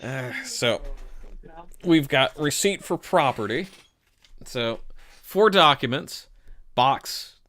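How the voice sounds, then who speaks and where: Guy hosting a chat podcast, slow and rambly, lots of restarts. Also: medium pitch, lively intonation, a bit bright. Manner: rambling, halting, reading items aloud. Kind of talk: casual chat.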